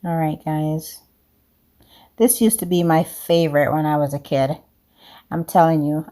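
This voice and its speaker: A woman's voice: low voice, steady tone, unhurried, long pauses, dark tone. A woman with an accent, chatting upbeat to viewers as she demonstrates a home baking recipe. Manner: upbeat, talks straight to viewers as "guys"; speaks with a non-native accent of English. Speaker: home cooking vlogger.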